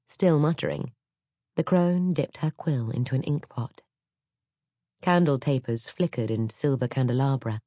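A woman narrating a dark fairy-tale audiobook in a measured, dramatic storytelling manner. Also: extremely low pitch, no echo, clean studio sound.

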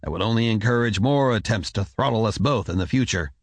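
A man's voice: on the low side, lively intonation, a little fast, no room sound. A man voicing a stern, demanding ruler who speaks curtly and coldly. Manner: curt, commanding.

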